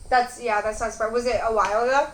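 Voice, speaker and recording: A woman's voice: a little high, fairly even intonation, fast talker. A young woman hosting an eating vlog, chatting casually and rambling with lots of fillers. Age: young adult. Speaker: mukbang host. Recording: roomy echo, faint background noise.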